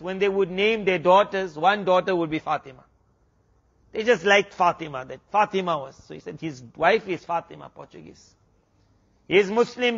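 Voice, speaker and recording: Higher-voiced man telling a sermon story. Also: fairly bright tone, lo-fi sound. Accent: South African. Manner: retells a story with many quoted exchanges. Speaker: Islamic preacher.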